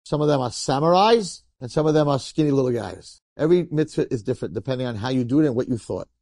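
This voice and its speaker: A man, a rabbi, telling a story in a sermon in an animated, colloquial way and acting out the characters. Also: medium pitch, quick pace, no echo.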